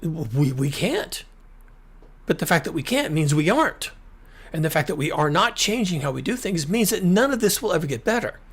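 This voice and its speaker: Gravelly, husky man, emphatic commentary. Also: a little high, big pitch swings, normal speed. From United States. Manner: emphatic, repetitive, with frequent restarts. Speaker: climate commentary channel host. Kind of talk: solo screen-share commentary.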